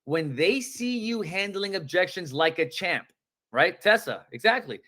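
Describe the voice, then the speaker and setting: A man coaching real estate agents on a live-streamed sales training, talking in energetic, casual slang and acting out phone calls. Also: sits high, measured pace.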